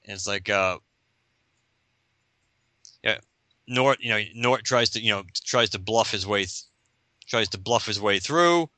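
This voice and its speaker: A man's voice: on the low side, unhurried, long pauses, no room sound. A man hosting a podcast, casually recapping a comic book with frequent laughs and acted-out lines. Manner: animated, laughing, acting out scenes. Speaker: podcast host.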